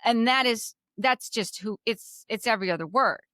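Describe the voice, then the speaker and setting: A woman's voice: fairly high pitch, moderate pace, fairly bright tone, dry recording, studio quality. A woman from New Jersey with a Jersey accent, co-hosting a podcast and chatting casually about a reality show, opinionated and repeating herself as she thinks. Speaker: podcast co-host.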